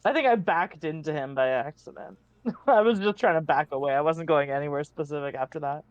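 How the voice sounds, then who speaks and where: A woman's voice: low-pitched, a little fast, no echo, dull audio. A woman playing a tabletop game, hesitant and apologetic, often stumbling over her words. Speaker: player. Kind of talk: tabletop role-play.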